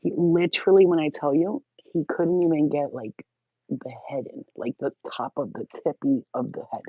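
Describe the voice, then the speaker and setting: A woman's voice: low-pitched, fairly even intonation, moderate pace, slightly rough, dry recording, highs cut off. A woman in her forties telling crude, frank stories to a phone camera, laughing often. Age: 40s. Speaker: channel host. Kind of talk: candid storytelling to camera.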